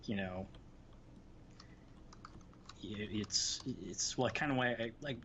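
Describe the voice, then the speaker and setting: A man's voice: on the low side, takes it slowly, a bit bright. A man hosting a live game stream, chatting casually and reminiscing, with lots of restarts. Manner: rambling, reminiscing, many restarts and fillers. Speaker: livestream host. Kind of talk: casual chat while gaming. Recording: slightly dull stream audio with faint hiss.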